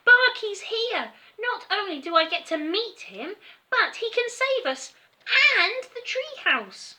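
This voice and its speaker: Storybook boy inventor, squeaky and eager, read by an English woman; slow, bright, lively delivery. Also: heavily acted. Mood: excited. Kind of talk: reading a storybook aloud.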